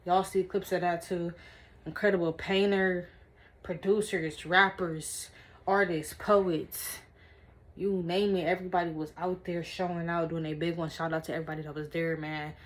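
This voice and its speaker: Young woman, kinda low voice, excited casual vlog chat from her room, keeps repeating herself. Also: moderate pace. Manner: excited, repetitive, talks straight to her viewers. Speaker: vlogger. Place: her room indoors, dimly lit.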